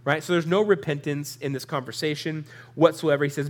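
A man with a somewhat high voice gives a sermon, reading verses and then explaining them casually. His nose is stuffy and he sniffles. He talks straight to the room in a relaxed, conversational teaching manner. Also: fairly quick. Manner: casual, conversational Bible teaching with asides to the audience. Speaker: preacher.

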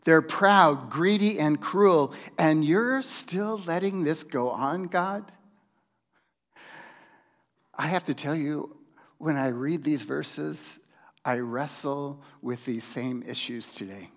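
A man preaching a sermon at a slow, measured pace, leaning on long pauses and dropping to a hush for emphasis. His voice sits a little higher than most men's. The sound trails off into a long reverb, as in a large church hall.

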